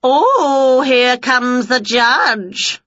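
A woman's voice: high-pitched, lively intonation, very slow, a bit bright, no echo, voice pushed up, heavily acted. Woman doing a smug, drawling rival witch. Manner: drawling, fussing, gloating. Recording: dull lo-fi home recording.

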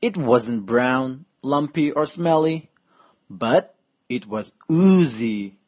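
A woman reading a children's picture book aloud in a slow, playful, exaggerated way. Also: a bass voice, expressive, darkish tone, slightly rough. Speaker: storyteller.

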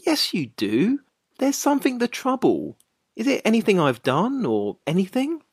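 A woman's voice: medium pitch, wildly swooping pitch, normal speed, darkish tone, husky, no echo, clean studio sound. A woman playing a flustered, pleading young man. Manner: pleading, exasperated. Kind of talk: dramatized short story reading.

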